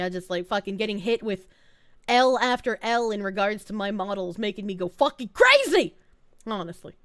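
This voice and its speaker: A young woman with a Boston accent chats on a live stream in a high, bright voice. She is animated and quick to laugh, swearing freely as she answers chat. The sound is close and dry, with no room around it. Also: no room sound. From Boston, USA. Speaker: VTuber streamer.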